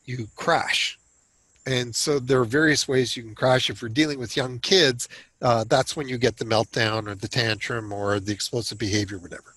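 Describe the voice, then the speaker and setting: A man's voice: mid-range voice, fairly bright tone, slightly rough, no room sound, poor audio. An older man from Canada speaking as a guest expert, explaining in an earnest, conversational way and often restarting words when he stresses a point. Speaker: self-regulation expert guest.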